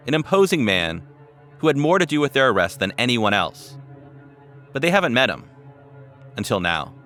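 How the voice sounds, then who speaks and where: A man narrating a documentary podcast in a measured way, with dramatic pauses. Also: lowish voice, sharp tone. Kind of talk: scripted narration.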